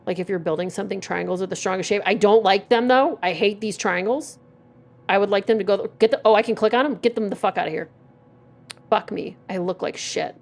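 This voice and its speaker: A woman's voice: mid-range voice, fairly quick, gravelly. A woman in her forties streaming a game, chatting casually with a profane, wry manner. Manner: profane, wry, reading game text aloud. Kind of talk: casual gameplay commentary.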